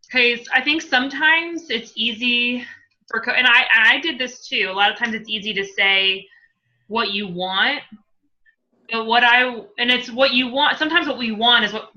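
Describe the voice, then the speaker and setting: Effusive, bright-voiced woman host. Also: fairly high pitch, highs cut off. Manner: effusive and encouraging, quick to gush. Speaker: host interviewing a new coach. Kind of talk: casual interview.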